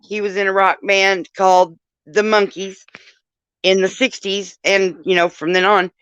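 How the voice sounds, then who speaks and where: A woman's voice: medium pitch, flat delivery, measured pace, fairly bright tone, clean tone, no echo, lo-fi sound. A woman talking casually to her stream viewers while in pain, groaning and swearing often as she moves around. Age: older. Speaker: vlogger. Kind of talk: casual live-stream chat.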